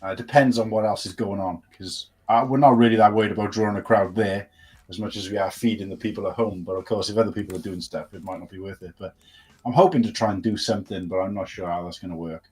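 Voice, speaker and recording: A man's voice: fairly low pitch, fairly even intonation, fast talker, a little mellow. A man co-hosting a live stream, chatting casually and rambling through restarts and fillers. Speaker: co-host.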